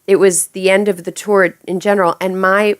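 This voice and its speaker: A woman singer being interviewed, playful and quick to laugh as she tells stories from her tours. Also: mid-range voice, flat delivery, clean tone, dry recording, clean studio sound. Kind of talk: casual interview chat.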